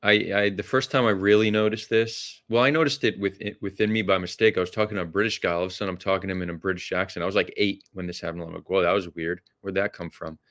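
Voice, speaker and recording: A man's voice: sits low, steady tone, rapid-fire, hardly any pauses, a bit bright. A man hosting a podcast, talking in a thoughtful, hesitant way with many restarts. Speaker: podcast host. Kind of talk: casual conversation.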